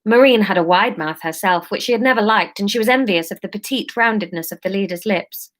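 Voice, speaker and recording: A woman's voice: mid-range voice, fairly quick. A woman in her thirties reading her story aloud on a livestream, breaking off into chatty, self-mocking asides. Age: 30s.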